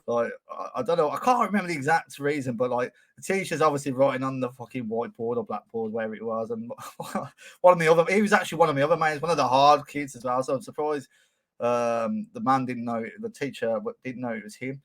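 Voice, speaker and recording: A man's voice: medium pitch, fast talker, fairly bright tone. A man hosting a podcast, telling a school memory in loose, sweary casual chat with chuckles. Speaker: podcast host.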